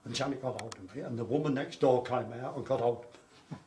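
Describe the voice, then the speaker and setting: A man's voice: mid-range voice, a little fast, a little mellow. An older man being interviewed about his wartime childhood, telling his story in a rambling way with repetitions. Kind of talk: oral history interview. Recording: echoey room, faint background noise.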